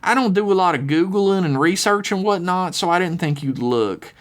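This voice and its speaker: A man's voice: high-pitched, lively intonation, moderate pace, pitched above the performer's own voice. A man voicing a flirty cult-member woman who talks in a folksy, sweet-talking drawl.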